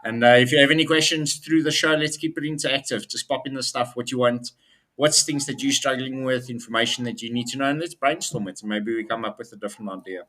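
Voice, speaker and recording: An upbeat man co-hosts a casual business show. He talks in loose, rambling sentences with fillers like "um". His pitch sits at an ordinary middle for a man. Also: fast, fairly bright tone. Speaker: co-host.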